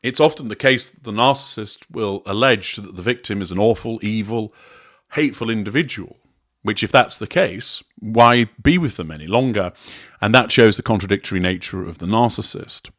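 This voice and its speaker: A man giving a measured, deliberate analytical commentary, explaining a recorded interaction step by step. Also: lowish voice, a bit bright, dry recording, clean studio sound. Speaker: commentator on narcissism.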